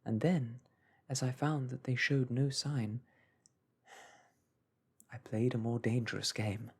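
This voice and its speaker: Man reading an old story in a soft breathy whisper, really slow and calm. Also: medium pitch. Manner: slow, hushed, soothing reading.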